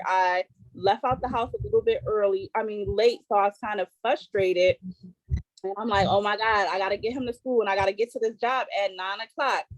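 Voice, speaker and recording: A mid-range female voice in a low-quality recording with no room sound. A woman in her thirties co-hosts a casual podcast, sharing candidly as a mother, halting and emotionally open with many fillers and restarts.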